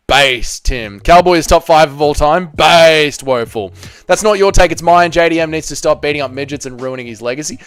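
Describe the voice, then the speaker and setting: A man's voice: a little high, clean tone, no echo. A young man hosting a casual livestream, reading chat comments aloud with profane, self-mocking banter. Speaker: livestream host.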